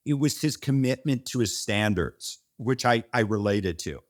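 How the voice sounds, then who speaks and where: A company founder in a relaxed interview, talking in long rambling runs. His voice sits at an ordinary middle pitch, and he tells the story with plenty of restarts and the odd swear word. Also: moderate pace. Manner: rambling and animated, frequent restarts and mild swearing.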